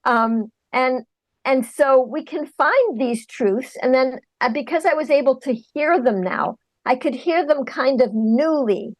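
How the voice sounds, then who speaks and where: A woman's voice: high-pitched, measured pace, no echo, rough recording. A woman in her forties, a guest recounting her inner journey in an earnest, searching way. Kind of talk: reflective personal account.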